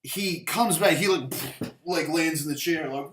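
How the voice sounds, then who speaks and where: A man's voice: on the high side, normal speed, fairly bright tone. A man hosting a casual movie review show, rambling and sarcastic, with lots of "like" and swearing. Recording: roomy echo.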